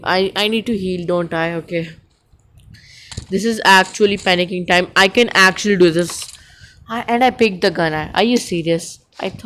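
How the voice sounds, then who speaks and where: A young man with an Indian English accent, giving nervous, excitable running commentary on his own mobile gameplay. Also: high-pitched. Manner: excitable, panicky, talks to himself nonstop. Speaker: mobile gaming YouTuber.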